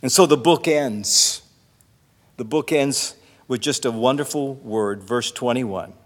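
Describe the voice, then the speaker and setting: A man's voice: mid-range voice, takes it slowly, in a large hall. A man preaching a sermon in an earnest way, his voice swelling and dropping in volume.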